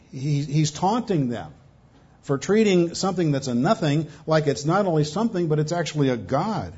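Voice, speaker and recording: Husky man preaching a sermon. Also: mid-range voice, a little mellow, dull audio. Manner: emphatic, reads scripture aloud with stresses. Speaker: pastor.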